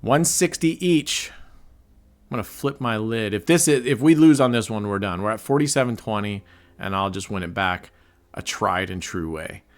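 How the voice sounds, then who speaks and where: A man hosting live casino gameplay commentary, excitable and cursing, grumbling at the dealer as he works out his bets. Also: lowish voice, moderate pace. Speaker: channel host.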